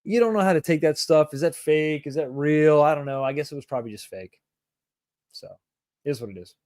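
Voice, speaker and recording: A man's voice: fairly high pitch, brisk, a little mellow, no room sound, studio quality. A middle-aged man hosting a livestream, casually chatting and joking while greeting viewers by name. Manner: laid-back, jokey, greets viewers by name. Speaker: livestream host reading chat. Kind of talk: casual chat.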